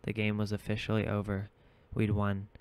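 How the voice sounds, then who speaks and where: A man reads a novel aloud in steady, measured narration. His voice is low and smooth, with a fairly flat line, recorded dry and close. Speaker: audiobook reader. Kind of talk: audiobook narration.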